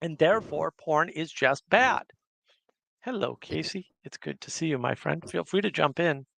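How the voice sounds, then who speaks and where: A man's voice: fairly high pitch, animated, normal speed, vocal fry, a bit bright. A man hosting a casual livestream, chatting and reading viewer comments aloud. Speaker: livestream host.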